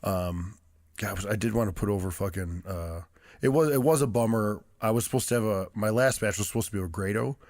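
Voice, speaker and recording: A man's voice: lowish voice, fairly quick, darkish tone, no echo, clean studio sound. A young man co-hosting a podcast in casual chat, loose and profane, laughing often and filling his talk with "like.". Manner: loose, profane, laughs a lot, many filler "like"s. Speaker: podcast co-host, pro wrestler. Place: podcast studio.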